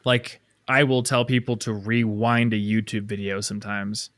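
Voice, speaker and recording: A man's voice: fairly low pitch, little pitch movement, normal speed, fairly bright tone. A man co-hosting a podcast, telling anecdotes in casual chat. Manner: chatty, tells anecdotes. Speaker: podcast co-host.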